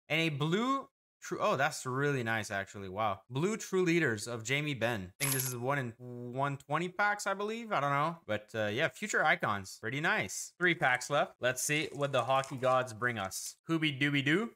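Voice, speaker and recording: An excitable man talks through a card-opening video, listing player names quickly and breaking into exclamations. His voice sits a little high for a man and sounds bright and forceful. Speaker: host opening hockey card packs. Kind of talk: casual card-opening commentary.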